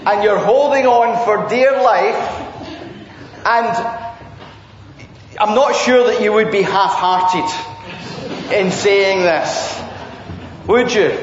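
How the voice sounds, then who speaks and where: A male preacher tells a sermon story in a very high voice, animated and questioning his listeners. He talks slowly and deliberately. The sound has a long hall reverb, a slightly muffled tone, and a congregation with clear room noise behind him. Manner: animated, audience-engaging, rhetorical questions. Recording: dull echoey church hall with congregation.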